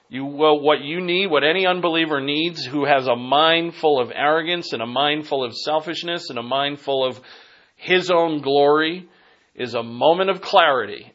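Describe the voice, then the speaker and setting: Male preacher, Boston accent, emphatic Bible teaching, mid pitch, muffled lo-fi recording. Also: fairly bright tone. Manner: emphatic, digressive, rising to punch key phrases. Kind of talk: sermon.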